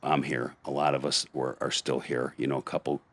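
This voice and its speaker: A middle-aged man, a podcast guest, telling a rough street story in gritty, blunt talk. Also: rumbling low, level tone, brisk, fairly bright tone, no echo. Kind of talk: storytelling in conversation.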